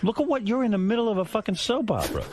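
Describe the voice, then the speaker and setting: A man's voice: high-pitched, animated, very fast, background noise. A man hosting a talk show who speaks bluntly and sounds incredulous, cursing and cutting in on his guest. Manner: blunt, incredulous, profane, interrupts. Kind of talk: casual talk radio chat. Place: radio studio. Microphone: close studio mic.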